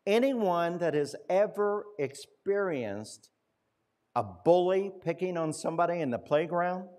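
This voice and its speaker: A male pastor telling a story in a sermon, conversational, slowing down and dropping to a hush at key points. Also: high voice, animated.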